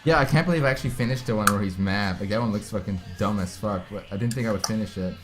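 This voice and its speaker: A man's voice: fairly low pitch, quick pace, over music. A young man hosting an art livestream, chatting easily with his co-host and addressing viewers. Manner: easygoing, talks to chat. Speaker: streaming artist host. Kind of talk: casual chat.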